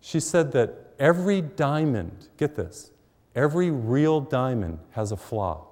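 A man's voice: medium pitch, very animated, unhurried, darkish tone. A middle-aged man preaching a sermon, telling stories in a conversational, humorous way. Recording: long hall reverb.

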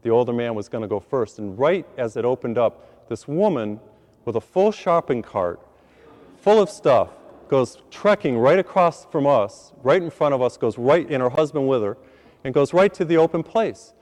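Priest telling a story in a reverberant hall. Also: male voice, medium pitch, normal speed. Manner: animated, self-deprecating storyteller acting out his own lines. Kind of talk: storytelling sermon.

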